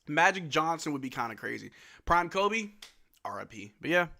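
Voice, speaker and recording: Lively young man chatting on a stream. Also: a little high, vocal fry. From Louisiana. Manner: chatty, answers chat questions with quick laughs. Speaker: livestream host. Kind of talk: casual livestream chat.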